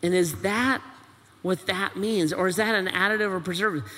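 A man's voice: high-pitched, normal speed, sharp tone. A man preaching a sermon as pastor, pressing his point with repeated rhetorical questions. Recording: long reverb of a large hall.

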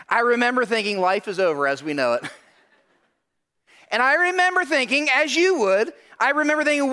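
A man telling a personal story to an audience, animated and acting out the voices of the people in it, often checking in with "right?". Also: very high-pitched.

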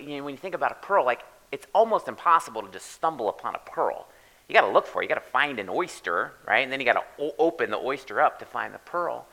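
A man preaching a sermon as pastor, animated and checking in with the congregation with repeated "right?". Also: medium pitch, vocal fry, poor audio. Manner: animated, tags lines with "right?".

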